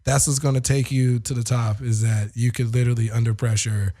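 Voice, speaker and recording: Engineer and co-host, easygoing storyteller, mid-range voice, rambling and chuckly. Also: male voice, mid-range voice, flat delivery, a little fast, dark tone. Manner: laid-back, heavy use of "like", laughs often. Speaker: audio engineer and producer. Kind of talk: casual storytelling chat.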